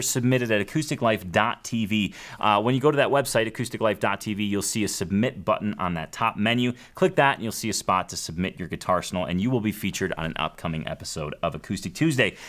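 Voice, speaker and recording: A man's voice: fairly low pitch, fairly bright tone. A man hosting a guitar video show, chatty and enthusiastic as he reads out viewer mail and plugs the channel. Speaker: show host. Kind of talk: upbeat YouTube show presenting.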